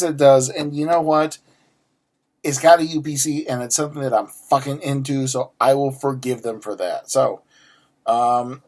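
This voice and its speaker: Speaking a bit slowly, a sarcastic man in his forties unboxes a subscription box for his vlog, swearing and ranting in a slightly mellow, average-pitched voice. He often restarts and stumbles over the same words, though nothing about the voice itself is notable beyond his attitude.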